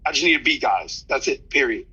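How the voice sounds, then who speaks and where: A man's voice: medium pitch, lively intonation, a little fast, bright, forceful tone, slightly rough, muffled recording. A man in his thirties, a fighter talking loosely in an interview, slangy, with many restarts. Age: 30s. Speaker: fighter guest. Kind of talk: casual interview chat.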